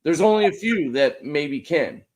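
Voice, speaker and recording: A man from Pennsylvania hosting a casual sports podcast, agreeing often with quick affirmations. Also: on the high side, animated. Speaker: podcast host.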